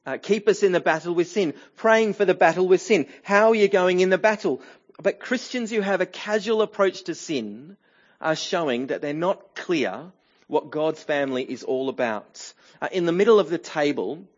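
A middle-aged man preaches a sermon in a church, his voice pitched a little high for a man. He talks conversationally, often pausing with fillers and starting phrases over. The recording sounds somewhat dull and lo-fi. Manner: conversational, with frequent fillers and restarts. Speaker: pastor.

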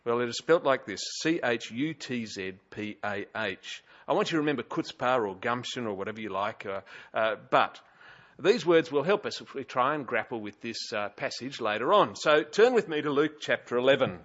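A man's voice: medium pitch, lively intonation, normal speed, fairly bright tone, muffled recording. A man with an Australian accent preaching a sermon in a conversational, wryly humorous way, with frequent hesitations, in a church. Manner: conversational, chatty, with frequent uh fillers and wry humour. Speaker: pastor.

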